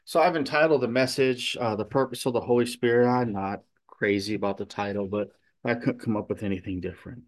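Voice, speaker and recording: A male pastor giving a sermon and telling a story in a relaxed, conversational way with many fillers. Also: medium pitch, brisk.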